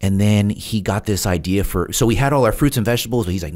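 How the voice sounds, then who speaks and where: A man's voice: on the low side, fast. A man guest on a casual interview, telling a story with laughs and acted-out quotes. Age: adult with a wife, past childhood. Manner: animated storyteller, laughs often, acts out quotes. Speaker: podcast guest.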